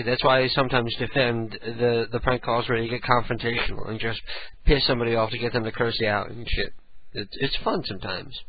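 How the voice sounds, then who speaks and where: A man hosting a live show, chatting casually about calls and messages. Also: mid-range voice. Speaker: radio show host. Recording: dull lo-fi recording.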